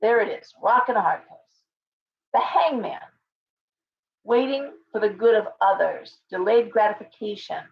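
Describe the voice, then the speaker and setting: A woman's voice: medium pitch, normal speed, vocal fry. A woman hosting a casual livestream tarot reading, talking in a chatty, rambling way with restarts and asides. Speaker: tarot reader, livestream host. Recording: dull lo-fi stream audio.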